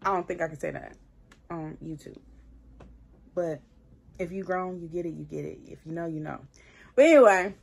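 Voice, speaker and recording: A woman's voice: on the low side, moderate pace, vocal fry, long pauses, a little mellow, breathy edge. A woman vlogger telling a storytime in a casual, slangy way, talking straight to her viewers.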